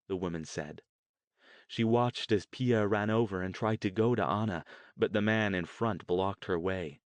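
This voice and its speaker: Low-voiced man narrating an audiobook. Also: no room sound. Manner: measured, steady storytelling. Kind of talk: scripted narration.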